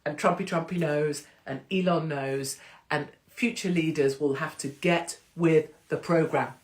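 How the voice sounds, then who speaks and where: A woman hosting a casual livestream chat, cheeky and excitable, rambling with asides and joking interruptions as she reads out announcements. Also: low voice, unhurried. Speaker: host.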